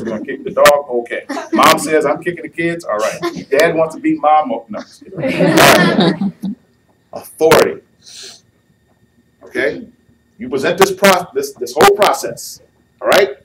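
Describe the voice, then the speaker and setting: A man giving a youth talk on marriage, playful and acting out what couples say, with a live audience. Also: a little high. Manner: playful, acts out couples' lines with audience laughter. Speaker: youth speaker. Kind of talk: sermon. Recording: distant mic with faint noise.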